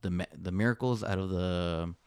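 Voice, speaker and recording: Co-host type: very low male voice, laid-back chatter, dry close sound. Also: smooth, no echo. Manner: relaxed, chatty, quick to laugh along. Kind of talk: casual chat.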